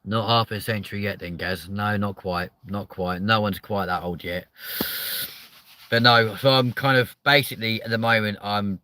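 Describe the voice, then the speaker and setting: A man, hosting a live chat show with loud, sweary, joking banter. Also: lowish voice, normal speed. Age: 30s.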